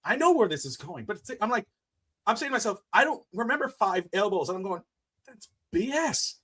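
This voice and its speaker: A middle-aged man co-hosting a wrestling podcast, excitable and swearing, laughing often as he acts out the moments. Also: high-pitched, a little fast, husky. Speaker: podcast co-host. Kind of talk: casual wrestling podcast chat.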